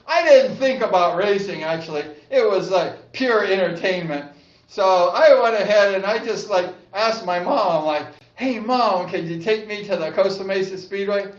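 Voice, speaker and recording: High-voiced older man reminiscing in an echoey room. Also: distant mic. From Southern California. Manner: rambling, says "like" a lot, laughs often, excitable yells. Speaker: vlogger, former speedway rider. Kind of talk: casual reminiscing monologue. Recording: echoey room, slightly dull sound.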